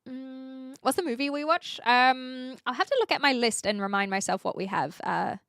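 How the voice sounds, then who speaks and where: A woman chats loosely with her livestream audience, reading messages aloud and answering between ums and restarts. Her voice sits a little high, and the sound is dry and close with no room around it. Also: moderate pace, fairly bright tone, no room sound. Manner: chatty, reads chat aloud, frequent ums and restarts. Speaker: streamer. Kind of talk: casual livestream chat.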